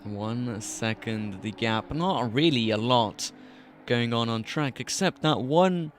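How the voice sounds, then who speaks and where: Speaking at a measured pace in a mid-range voice, this British esports race commentator calls a live sim racing broadcast from a commentary box. His delivery is chatty, and he slips jokey asides in between race calls. Slight background noise is present.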